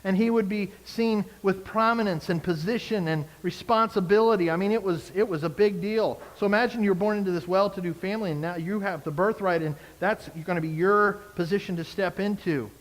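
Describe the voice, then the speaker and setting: A man preaching a sermon as a pastor, animated, acting out the people he quotes. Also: high voice, a little fast, few pauses, big-room sound.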